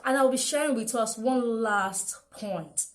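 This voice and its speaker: A woman's voice: fairly high pitch, unhurried. Emphatic woman giving a self-help talk. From Nigeria. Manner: emphatic, repeats key phrases, rhetorical questions. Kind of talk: motivational talk to camera.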